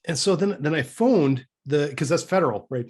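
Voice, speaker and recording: A man with a slightly high voice speaks at normal speed. A Canadian co-host on a podcast, he recounts a story casually and animatedly, voicing the dialogue himself and often starting over or stammering on repeated words.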